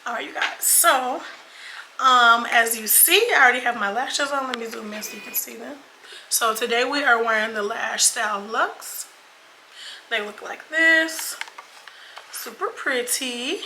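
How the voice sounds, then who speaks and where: A woman's voice: fairly high pitch, measured pace, bright, forceful tone, slight background noise. A young woman in her twenties telling a dating story while doing her makeup, chatty and casual, cursing freely and calling her viewers y'all and girl. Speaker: beauty vlogger. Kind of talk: casual get-ready-with-me storytime. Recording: echoey room with faint ambience.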